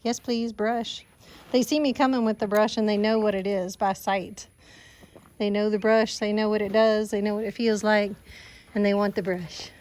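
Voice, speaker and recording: A woman with a Southern US accent talking casually for a farm vlog, often slipping into soft baby talk with her animals outdoors. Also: medium pitch, steady tone, normal speed. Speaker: farm vlogger. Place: outdoors on a farm with goats and chickens.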